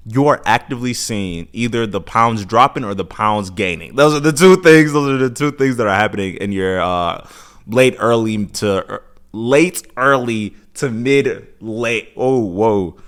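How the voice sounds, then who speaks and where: A man's voice: fairly low pitch, unhurried, fairly bright tone. A man in his twenties with an American accent, hosting a podcast and rambling casually about running and daily habits, loose and chatty with sighs and self-corrections. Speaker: podcast host.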